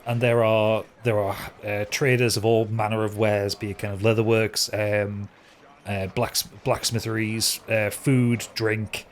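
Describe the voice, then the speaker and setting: A man's voice: fairly low pitch, little pitch movement, measured pace. A man narrating a tabletop game as game master, rambling with many fillers and hesitations.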